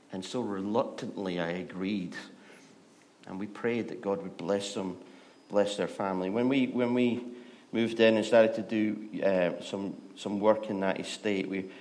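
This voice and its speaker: A middle-aged Scottish pastor preaching a sermon, telling stories and moving between hushed and loud, lively delivery. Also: male voice, fairly low pitch, measured pace, slight background noise. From Scotland. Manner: storytelling, shifts from hushed to loud and animated.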